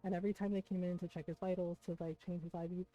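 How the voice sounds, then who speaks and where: A woman's voice: on the low side, flat delivery, rapid-fire. A woman streamer, chatting casually and emotionally to her viewers, close to tears and full of fillers. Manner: emotional, many fillers and "right?" asides. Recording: dull lo-fi stream audio with soft music.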